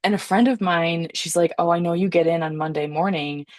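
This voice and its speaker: A woman's voice: lowish voice, steady tone, brisk, darkish tone, no echo, studio quality. A young woman co-hosting a podcast, telling a rambling story in a chatty, giggly way. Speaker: podcast co-host. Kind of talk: casual chat.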